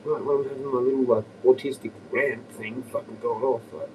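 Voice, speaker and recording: A man's voice: mid-range voice, fairly quick, dark tone, distant mic, slight background noise, rough recording. An Australian man rambling and ranting on a livestream, profane and agitated.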